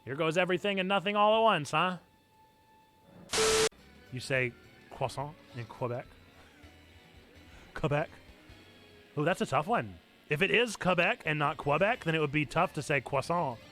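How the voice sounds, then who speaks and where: A man giving live commentary while he plays a video game on stream, excitable and quick to break into shouts at what happens in the game. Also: on the high side, faint music behind. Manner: excitable, bursts into shouting over game events. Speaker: church gaming streamer.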